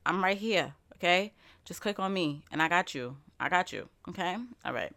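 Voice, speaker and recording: A young woman chatting straight to her viewers in an animated, emphatic way. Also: lowish voice, normal speed. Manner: animated, emphatic, speaks straight to the audience with lots of "like". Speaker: vlogger and podcaster. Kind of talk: casual motivational chat to viewers.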